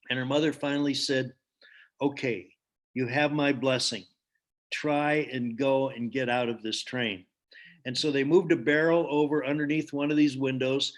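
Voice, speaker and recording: A man giving a storytelling talk in an earnest way, with frequent ums and restarts. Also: mid-range voice. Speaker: speaker.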